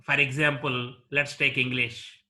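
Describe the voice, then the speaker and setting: A man teaching an English lesson on word stress, slowly and deliberately repeating example words one at a time. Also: mid-range voice, little pitch movement, pushed and bright. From India. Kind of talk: classroom lecture on word stress.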